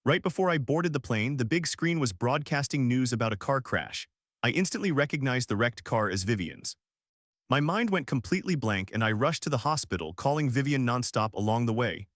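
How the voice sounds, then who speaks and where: A man's voice: mid-range voice, lively intonation, fairly quick, a bit bright, dry recording, studio quality. Earnest male story narrator.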